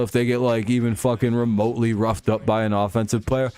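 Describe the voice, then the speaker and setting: A man's voice: lowish voice, fairly even intonation, quick pace, hardly any pauses, mellow. Young male streamer, loose and profane, mocks and rants while chatting with his viewers. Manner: profane, ranting, mocking. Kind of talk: live game watch-along chat.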